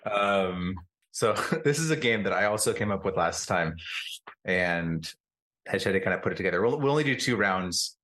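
This is a man co-hosting a casual podcast. He speaks in a fairly low voice, stays easygoing and agreeable, and giggles often as he explains things. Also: animated, moderate pace, a bit bright. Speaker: podcast co-host. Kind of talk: casual chat.

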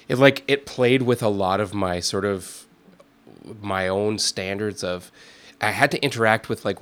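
A man's voice: fairly low pitch, normal speed, a bit bright. A man in his thirties, a musician guest, chatting reflectively in an interview, rambling with lots of fillers and restarts. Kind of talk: casual interview chat.

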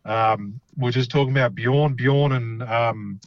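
A man's voice: medium pitch, a little slow, no room sound, muffled recording. An Australian man chatting casually as a podcast host, rambling with lots of fillers and the odd swear word. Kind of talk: casual chat.

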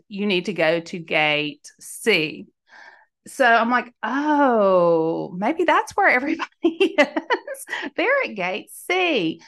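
A middle-aged woman from Mississippi speaks in a Southern accent, hosting her own podcast. She tells a personal anecdote in an animated way, playing out each side of the dialogue. Her voice sits in a middle pitch range. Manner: animated, acts out both sides of dialogue. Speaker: podcast host and life coach. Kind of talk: storytelling monologue.

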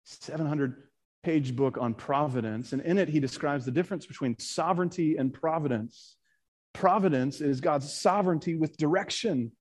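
A man preaching a sermon, his voice sitting a little high. He reads scripture and old creeds aloud, building emphasis as he goes, and now and then trips over a word and corrects himself. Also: normal speed. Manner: earnest preaching with stumbles and self-corrections. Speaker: pastor.

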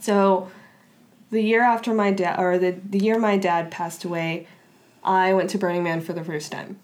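A woman's voice: on the low side, flat delivery, normal speed, a little mellow. Woman, interview guest; casual, filler-heavy personal storytelling. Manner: chatty, frequent "like" fillers and restarts. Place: Los Angeles area.

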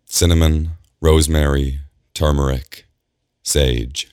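A man's voice: rumbling low, fairly even intonation, darkish tone, clean tone, dry recording, clean studio sound. A man voicing an anxious young male engineer who stammers and repeats words. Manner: halting and stammering.

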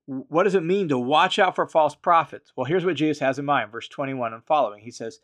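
Guy with a slightly high voice walking through bible verses, explains then says it again in other words, leans hard on the key bits. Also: fairly quick, fairly bright tone. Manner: emphatic, leans on key phrases. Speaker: Bible teacher.

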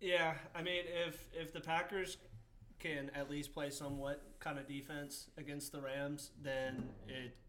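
A man's voice: on the high side, flat delivery, unhurried, sharp tone, slight background noise. A man on a casual podcast, chiming in with what-if questions. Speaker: podcast co-host.

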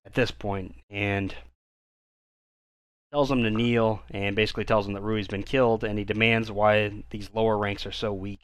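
A man's voice: fairly low pitch, normal speed, smooth, dry recording, studio quality. A man co-hosting a casual anime podcast, retelling the plot in a laid-back way. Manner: laid-back, relaxed retelling of plot with fillers and mild swearing. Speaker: podcast co-host. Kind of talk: casual anime recap chat.

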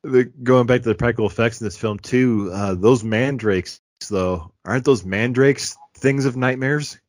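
A man's voice: medium pitch, moderate pace, darkish tone, dry recording. A man chatting casually and enthusiastically about a film as a podcast co-host, joking as he goes. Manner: enthusiastic, joking, imitates characters.

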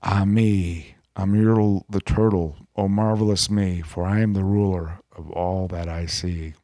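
A man's voice: sits low, fairly even intonation, unhurried, mellow, no echo, studio quality. A man voicing a pompous, boastful male turtle king as he reads a storybook aloud, bellowing and self-important. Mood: gloating.

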